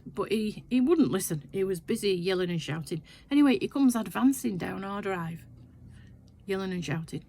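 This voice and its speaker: A woman's voice: mid-range voice, normal speed. An older woman telling a rambling, chatty story in her sewing shed. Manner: chatty, rambling anecdote with asides. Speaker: sewing vlogger. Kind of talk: casual storytelling chat.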